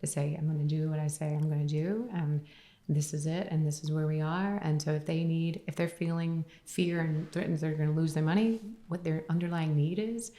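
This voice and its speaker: A woman's voice: low voice, fairly even intonation, fairly quick, mellow, roomy sound. A woman guest on a podcast, a company founder, sharing her experience in an earnest, emotional storytelling way. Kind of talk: candid podcast conversation.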